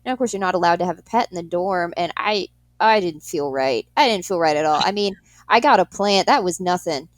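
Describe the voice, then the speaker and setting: A young adult woman, a guest, telling stories in an animated way, laughing a lot and acting out what people said. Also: on the low side, brisk. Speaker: guest, in-home pet euthanasia worker. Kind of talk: storytelling in an interview.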